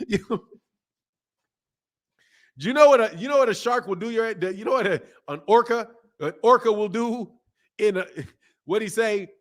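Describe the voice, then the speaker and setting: Animated man in his fifties, slangy boxing host. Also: high voice, moderate pace, long pauses. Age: 50s. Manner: loose, slangy and animated, laughing often. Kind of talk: casual live-stream chat.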